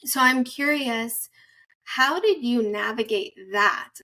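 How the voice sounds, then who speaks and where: A woman's voice: fairly high pitch, slow pace, recorded from a distance, poor audio. A woman podcast host interviewing a guest, affirming with frequent murmurs and asking thoughtful questions. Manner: warm-toned, affirming, frequent "mm-hmm". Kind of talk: conversational interview.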